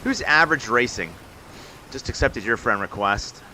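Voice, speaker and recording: Upbeat male streamer, bright voice, talks to chat and calls the action. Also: medium pitch, animated, normal speed, slight background noise. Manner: chatty, upbeat, talks straight to viewers in chat. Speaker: live-stream host and game commentator. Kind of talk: live-stream chat and play-by-play commentary.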